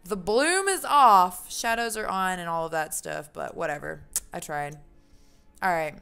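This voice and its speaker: A woman's voice: lowish voice, unhurried, gravelly, pushed and bright, clean tone, faint music behind. Female streamer, casual self-mocking game commentary, frequent laughs.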